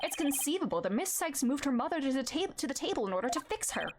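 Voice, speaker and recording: A woman's voice: high-pitched, sing-song, fast, heavy background noise, pitched above the performer's own voice. A woman voicing an earnest young female defense attorney with eager, arguing delivery, reading game dialogue aloud.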